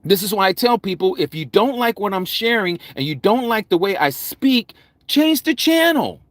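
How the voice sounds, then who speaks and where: A man preaching a Bible study sermon, loud and vigorous, with mounting intensity. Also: high voice, animated, normal speed, no echo. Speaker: Hebrew Roots Bible teacher. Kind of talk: impassioned livestream sermon.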